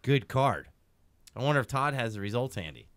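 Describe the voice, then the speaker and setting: A man in his thirties co-hosting a podcast tells a casual story packed with swearing, swinging animatedly between loud outbursts and low asides. His smooth, clear voice sits at a middling pitch and moves a little fast. The studio-mic recording is dry and close.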